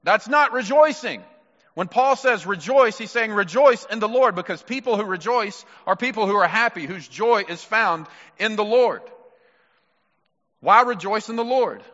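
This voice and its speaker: Emphatic preacher in a reverberant hall. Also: male voice, high voice, lively intonation, normal speed, fairly bright tone. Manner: emphatic, addresses mothers directly. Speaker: pastor. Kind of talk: sermon. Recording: muffled sound with long hall reverb.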